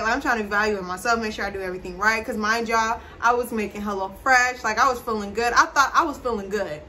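A young adult woman telling a personal story to camera in a casual, animated vlog chat. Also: fairly high pitch, quick pace, hardly any pauses, a little hiss or hum. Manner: chatty, animated, addresses viewers. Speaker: vlogger.

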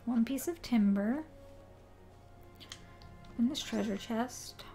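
A woman's voice: on the high side, takes it slowly, dark tone, soft background music. A young woman chatting to herself as she plays a video game on a live stream. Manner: chatty, talks to herself while playing. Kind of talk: live-stream gameplay commentary.

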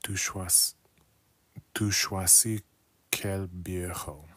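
A man chatting casually on a late-night livestream, talking softly and often slipping into whispers as he repeats phrases aloud. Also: deep voice, steady tone, slow, noisy background. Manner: chatty with viewers. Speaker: art livestreamer.

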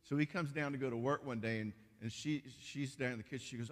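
A man's voice: medium pitch, fast, few pauses. A man who works as a marriage counselor gives a casual, joking conference talk to couples, full of fillers and restarts. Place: church hall. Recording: echoey hall reverb.

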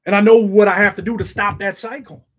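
Husky-voiced man talking straight to camera. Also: high-pitched, fairly even intonation, quick pace. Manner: blunt, heartfelt, says "man" constantly. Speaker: YouTube show host.

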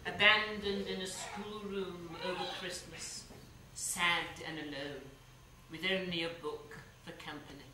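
A man's voice: sits high, fairly even intonation, a little slow. A man playing a wry, theatrical male ghost in a one-man stage show, speaking in a stately way with joking asides. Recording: echoey theatre stage, mic far off, audience noise.

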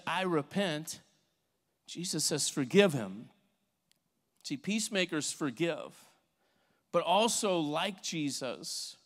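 A man's voice: a little high, a bit bright, in a large hall. A man preaching a sermon as pastor, earnest and conversational, often repeating words as he goes.

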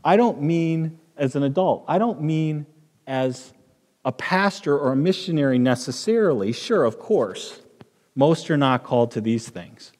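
Pastor preaching in a reverberant hall. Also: male voice, fairly high pitch, expressive, darkish tone. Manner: conversational, halting with fillers and restarts. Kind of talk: sermon. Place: church sanctuary with long reverb.

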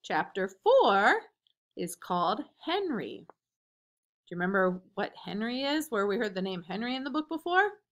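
A young woman reading a chapter book aloud to children, expressive and pausing to ask questions. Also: mid-range voice. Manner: expressive, animated.

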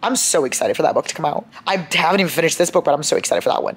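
Young woman book vlogger, low, gravelly voice with a lot of fry, gushing, dramatic, chatting straight to camera. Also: expressive, racing, hardly any pauses. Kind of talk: casual chatty reading vlog.

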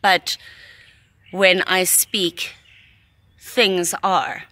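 A woman's voice: fairly low pitch, level tone, drawn-out words, sharp tone. A young pregnant woman chatting in a vlog about her morning at the hospital, in a heartfelt, reflective way. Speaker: pregnant vlogger. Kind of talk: casual vlog chat. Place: at a hospital, partly outdoors.

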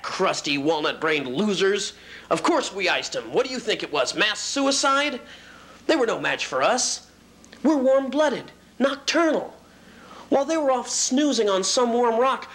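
A hefty, disgruntled male raccoon, put on by a man telling the story, snarls at humans in a gruff, sneering voice. His tone lurches between low growls and high, indignant squawks. He is a comic-story villain, full of contempt and threat. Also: exaggerated voice. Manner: ranting, with sharp swings in pitch and loudness.

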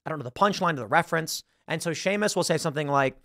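Racing along in a fairly high, pushed, bright voice, a man hosts a casual talk-show podcast where he rambles about movies, looks things up online, and acts out lines. There's no room sound; the recording is clean studio audio.

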